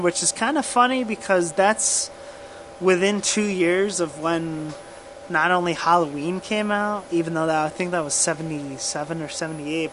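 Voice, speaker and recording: A man co-hosting a podcast, telling a true crime case in casual profane chat, halting and laughing often. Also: on the high side, fairly bright tone, slight background noise, rough recording. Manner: slow, halting, laughs often, drinking whiskey.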